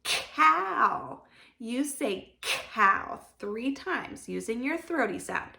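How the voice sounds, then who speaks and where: A woman speech therapist leading a children's sound practice lesson, modeling sounds clearly and giving encouraging praise. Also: on the high side, lively intonation, pushed and bright. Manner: slow, clear modeling of sounds with pauses for kids to repeat.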